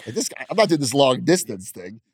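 A man's voice: medium pitch, very animated, fairly quick, slightly rough, dry recording, studio quality. A man in his thirties, a professional wrestler, chatting in an interview in a brash, boastful way and laughing often. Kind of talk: casual interview chat.

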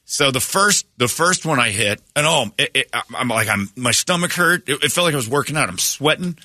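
A man's voice: mid-range voice, fairly quick, no echo, studio quality. A man hosting a radio show, telling a story in casual chat with lots of restarts and fillers. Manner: animated retelling with many restarts and fillers. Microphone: studio microphone.

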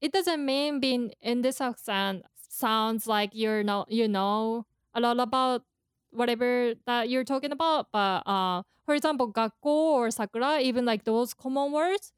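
High, smooth-voiced woman explaining carefully. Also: dry recording, clean studio sound. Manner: thoughtful, halting explanations with many fillers. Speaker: co-host explaining Japanese pitch accent. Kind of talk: casual podcast chat.

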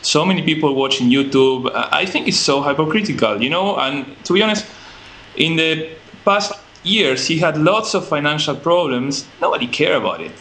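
A man's voice: fairly high pitch, expressive, moderate pace, a bit bright, a little hiss or hum. A man in a casual podcast discussion, giving strong opinions with hesitant fillers. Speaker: podcast co-host.

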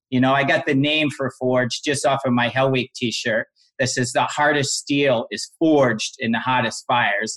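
A man's voice: mid-range voice, a bit bright. A man, a guest on a podcast, telling his story in an earnest, emphatic conversational way. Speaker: podcast guest, apparel brand founder.

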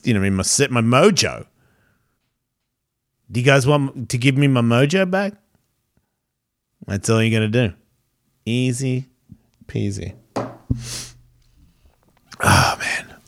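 A man's voice: medium pitch, a bit bright. A man hosting his own podcast alone, rambling in a casual, profane, self-mocking way. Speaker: podcast host. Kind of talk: rambling solo podcast monologue. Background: cat purring and moving nearby.

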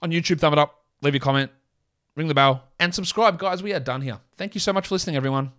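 A man with an Australian accent hosting a solo fantasy basketball podcast, rattling off player lists and quickly correcting himself. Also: fairly high pitch, fairly bright tone. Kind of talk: casual solo podcast talk.

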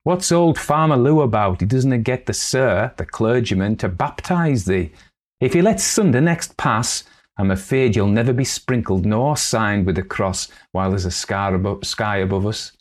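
A man's voice: on the low side, animated, normal speed, natural voice. A man voicing a stern, grim old village wise woman who speaks in Northern English dialect, reading her lines in a storybook. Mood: warning.

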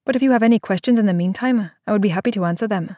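Lady doing a calm steady lady doctor, firm and measured, dry audiobook sound. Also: medium pitch, no echo, natural voice. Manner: measured, even, growing sharp and insistent. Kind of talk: audiobook character voice.

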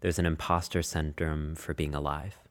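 A non-binary podcast guest with a very low voice. They speak with poetic cadence, measured at first and then building with conviction. The delivery is rhythmic and deliberate. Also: little pitch movement. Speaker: guest writer and performer. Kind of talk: interview answers.

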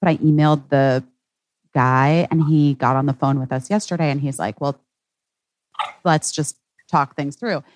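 A woman's voice: low-pitched, moderate pace, long pauses, slight background noise. A woman co-hosting a podcast, chatting casually and emotionally about her family and work. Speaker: podcast co-host.

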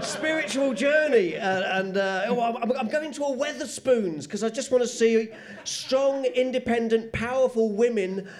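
A man, a comedian doing a wry, animated stand-up routine on a comedy panel show. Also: very high-pitched, moderate pace, few pauses.

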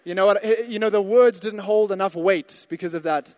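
A pastor telling a personal story in a sermon, rising to emphatic calls to the congregation. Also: male voice, sits high, brisk, darkish tone, big-room sound. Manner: storytelling, builds to emphatic exhortations.

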